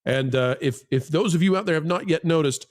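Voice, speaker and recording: The host of a live online panel show, a man whose voice sits on the high side, speaks fairly quickly. He rambles with fillers, ribs and jokes with his co-hosts, and breaks for plugs and donation readouts.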